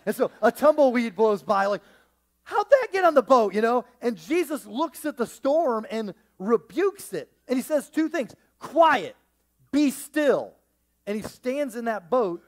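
Delivering a brisk, lively sermon to his church congregation, a pastor jokes and riffs in a notably high-pitched voice. He's animated, sinking almost to a hush at one moment and getting loud the next.

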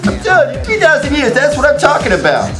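A man's voice: very high-pitched, huge pitch swings, echoey room, over music, heavily acted. A young man playing a sleazy, self-important male film director who talks in a pushy, wheedling way. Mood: self-pitying. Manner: pushy, fast-talking, wheedling.

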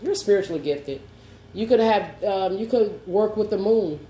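Her voice sits mid-range with a dark tone and moderate pace as she delivers a tarot reading to camera. She keeps things reassuring and coaxing, checking in with "okay?" again and again, against a roomy echo and a faint hum.

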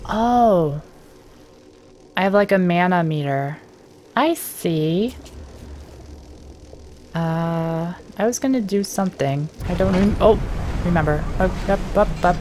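A woman's voice: mid-range voice, a little slow, pauses often, background noise. Jittery young woman narrating her gameplay. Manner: talks to herself, jittery and reactive. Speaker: gameplay streamer. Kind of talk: casual let's play commentary.

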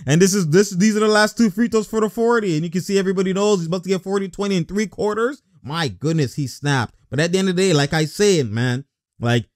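A young man giving casual, excitable basketball reaction commentary, blunt and slangy, laughing often. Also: high voice, fast, no echo, clean studio sound.

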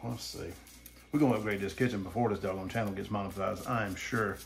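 A man's voice: lowish voice, quick pace, gravelly, slight background noise. A middle-aged man from the American South, talking through a home cooking vlog in a folksy, rambling, self-deprecating way, first in his kitchen and then out at his grill. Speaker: cooking channel host.

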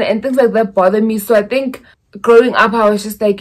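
A woman's voice: mid-range voice, fairly even intonation, brisk, a little mellow. Chatty young South African woman vlogging. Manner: chatty, mixes in Zulu phrases, rambling storytelling. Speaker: YouTuber. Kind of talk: casual vlog chat.

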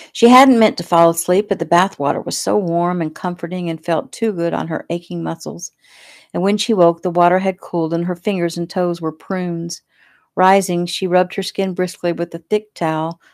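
A woman author reading her own novel aloud in a relaxed, homey way. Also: fairly low pitch, no echo, studio quality. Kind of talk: casual audiobook narration.

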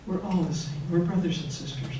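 A woman's voice: on the low side, fairly quick, warm tone, a little hiss or hum. An older woman, a religious sister, giving an earnest and personal retreat talk in a conversational way. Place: retreat hall. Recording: echoey room, mic far off.

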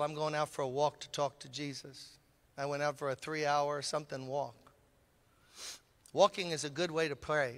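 An older man from Brooklyn, a pastor telling a story in a sermon and acting out the voices in his conversations. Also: fairly high pitch. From Brooklyn, New York. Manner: animated, acts out both sides of conversations. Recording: long hall reverb.

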